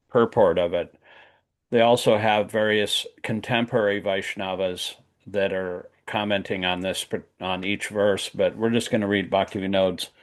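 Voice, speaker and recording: Over a video call, a class leader with a fairly low voice works through scripture, reading it in an even, list-like rhythm. Now and then he drops in a brief remark of his own.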